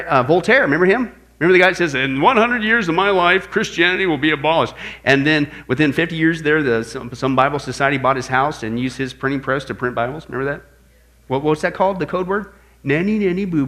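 A male preacher teaches apologetics with a bright, slightly high voice. He talks in an animated way, sinking low and quiet for stories, then rising loud as he acts out quoted voices. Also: fairly quick. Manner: animated, shifts between loud quoted outbursts and low hushed storytelling. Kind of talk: sermon-style teaching.

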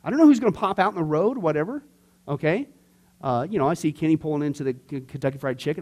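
A man, a pastor, teaching a discipleship class in a chatty, animated way, full of asides and fillers. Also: fairly high pitch, fast talker.

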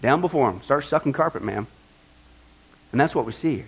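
Male pastor, high voice, lively preacher who acts out the voices he quotes and fires rhetorical questions at the congregation. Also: fairly quick, slightly rough, poor audio. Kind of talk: sermon.

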